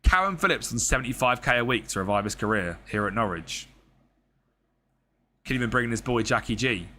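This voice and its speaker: Young lad streaming a footy manager game, chatty and sweary, bright tense voice. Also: male voice, medium pitch, lively intonation, brisk, a little hiss or hum. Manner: casual, chatty, swears, reads chat. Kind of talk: live gameplay commentary.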